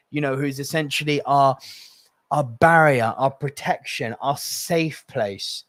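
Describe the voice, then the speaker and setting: A man's voice: mid-range voice, no room sound. Passionate male podcast host, dry sound. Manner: passionate, rambling, emotional. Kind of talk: solo podcast talk, reading live chat.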